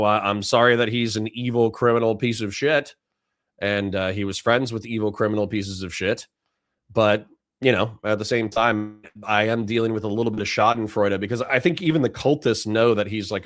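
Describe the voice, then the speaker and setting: A man's voice: medium pitch, no room sound, clean studio sound. Tired, rambling male livestream host. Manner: rambling, candid, many fillers and restarts. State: tired, yawning. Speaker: streamer host reading chat. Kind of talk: casual livestream chat.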